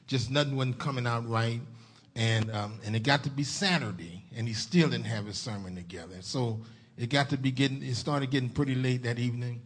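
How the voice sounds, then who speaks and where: Husky-voiced preacher building to loud exhortation. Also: male voice, medium pitch, fairly quick. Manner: folksy, builds from soft talk to loud exhortation. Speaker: guest preacher. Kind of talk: sermon. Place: church.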